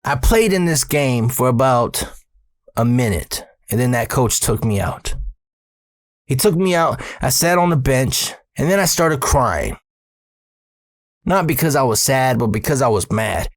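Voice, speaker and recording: A man's voice: medium pitch, unhurried, no echo, clean studio sound. A man in his thirties from Arizona telling a personal story in a casual, profane, slangy way. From Arizona, USA. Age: 30s. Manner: profane, streetwise slang, animated when excited. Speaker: storyteller host.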